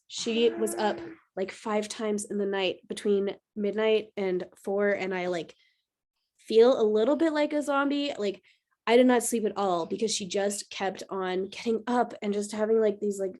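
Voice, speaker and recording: A woman's voice: fairly high pitch, darkish tone. A woman astrologer hosting a casual livestream, chatting in a rambling way with lots of filler words. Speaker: astrologer and host.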